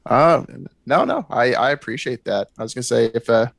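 Man, gravelly voice, dry close sound, hesitant panelist. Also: mid-range voice, a little fast, dry recording. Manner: hesitant, stumbling starts, laughs easily. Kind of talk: casual panel discussion.

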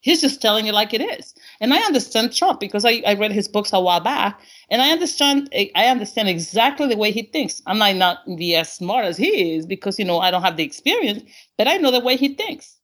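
A woman calling in from Honduras, excitable and rambling, laughing often and acting out conversations. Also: mid-range voice, brisk, hardly any pauses. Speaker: caller. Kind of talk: casual call-in conversation.

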